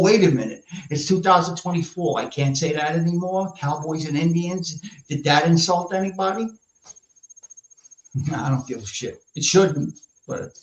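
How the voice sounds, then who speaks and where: New york man, rough mocking rant, fairly high voice, echoey room, dull lo-fi sound. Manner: brash, profane and mocking. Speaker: podcast host. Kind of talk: ranting casual chat. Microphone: live stream mic.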